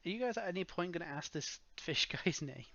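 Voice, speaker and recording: A man guides his players through a tabletop game, rambling and full of hesitations. His voice sits a little high. The sound is dull and lo-fi. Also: lively intonation, brisk, creaky, pushed and bright. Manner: rambling, hesitant, laughs often. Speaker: game master. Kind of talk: narrating a tabletop game over voice chat.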